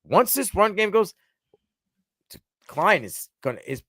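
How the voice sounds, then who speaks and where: A man co-hosting a casual sports podcast, talking in an animated way with frequent restarts. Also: high voice, unhurried, no echo. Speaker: podcast co-host.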